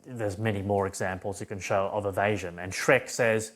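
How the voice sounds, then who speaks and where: A man's voice: on the low side, steady tone, moderate pace, few pauses, a bit bright. A man giving an emphatic, rambling philosophy monologue full of restarts. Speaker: philosophy vlogger. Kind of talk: unscripted monologue.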